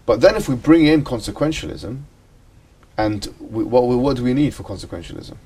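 A man's voice: mid-range voice, lively intonation, moderate pace, warm tone, husky, far from the mic. A man teaching an ethics class, asking the students questions and often checking with "right?".

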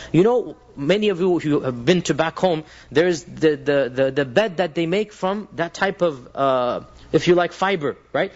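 A man giving a sermon to a gathered audience, telling stories, acting out quoted speakers and speaking directly to his listeners. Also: fairly high pitch. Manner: storytelling, acts out quoted voices, addresses audience directly. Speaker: preacher. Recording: dull lo-fi recording.

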